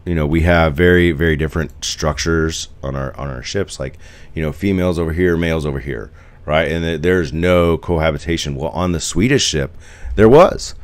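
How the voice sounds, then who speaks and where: A man's voice: very deep voice, normal speed, no room sound. A man in his forties from the United States, chatting casually on a live stream, rambling and answering viewer comments.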